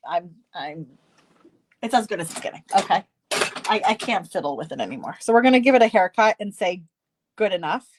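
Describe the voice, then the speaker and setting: A woman's voice: fairly high pitch, no echo. A woman hosting a card-making tutorial, chatting casually and poking fun at herself as she works. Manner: chatty, self-deprecating, talks while working.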